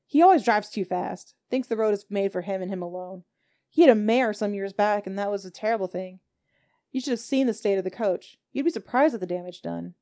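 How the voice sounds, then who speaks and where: A homely, talkative village landlady, as a woman game master voices her. She sounds mid-pitched and chatters on in a hospitable way. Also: a little fast, mellow, close to an everyday voice.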